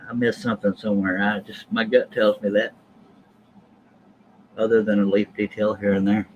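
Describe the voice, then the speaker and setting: Man, low-pitched, folksy joking stream host talking casually to chat, light room hiss. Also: level tone, moderate pace, a little mellow, highs cut off. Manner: folksy, jokey, addresses chat viewers.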